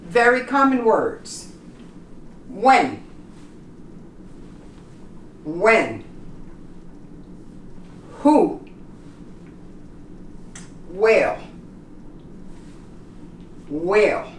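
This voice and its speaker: An English teacher gives a classroom pronunciation lesson, slowly and patiently repeating each example word in a mid-range, sing-song voice. She stands away from the mic, so her voice echoes through the room over a faint hum.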